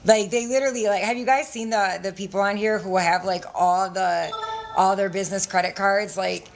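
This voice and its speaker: A woman's voice: medium pitch, fairly even intonation, moderate pace. A young woman hosting a casual livestream, talking bluntly with lots of swearing and frequent laughter. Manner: profane, blunt, laughs often. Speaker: livestream host selling credit classes.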